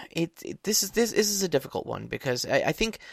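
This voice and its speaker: Brief: slightly high-voiced male co-host, rambling and emphatic, dry studio sound. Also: big pitch swings, normal speed, gravelly, slightly rough, no echo. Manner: rambling, restarts often, emphatic. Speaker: podcast co-host, larp player. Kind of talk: casual podcast chat.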